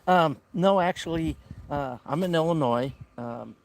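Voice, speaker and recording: A man with a Southern US accent chats at an unhurried, drawling pace, filling gaps with easy "uh"s and "you know"s. His voice has a gravelly edge. He talks outdoors at a campsite, with faint crickets and insects behind him. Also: fairly high pitch, slight background noise. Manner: slow, easygoing drawl with rambling fillers. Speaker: camping livestream host. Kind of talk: casual live-stream chat.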